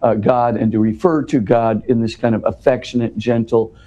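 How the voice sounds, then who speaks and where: A man's voice: medium pitch, flat delivery, normal speed, mellow. A man speaking as an interview guest, explaining at length in an earnest, conversational way and often restarting his words.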